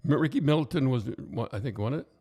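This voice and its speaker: A man's voice: mid-range voice, lively intonation, fast talker, darkish tone, husky. Older man telling rambling stories. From Canada. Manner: rambling storyteller, frequent restarts, laughs at his own stories. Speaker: podcast co-host, former hockey coach. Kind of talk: casual anecdotal chat.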